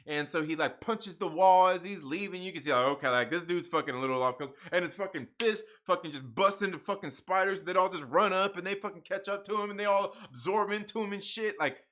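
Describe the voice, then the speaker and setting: A man's voice: high voice, quick pace, hardly any pauses, fairly bright tone. A man hosting a livestream, rambling in casual profane chat and laughing often. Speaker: livestream host reading comics.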